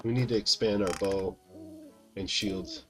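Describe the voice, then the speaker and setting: A man's voice: on the low side, fairly even intonation, measured pace, very noisy. A tired man in his thirties, rambling casually to his chat while playing a game. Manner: rambling, chatty, talks to chat by name. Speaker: game streamer.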